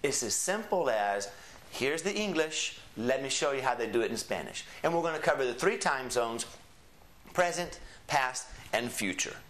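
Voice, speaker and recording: A man's voice: mid-range voice, very animated, normal speed, fairly bright tone. A man explaining a Spanish course in a chatty, explanatory way, dropping in Spanish phrases as examples. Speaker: Spanish teacher. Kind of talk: promotional course lesson.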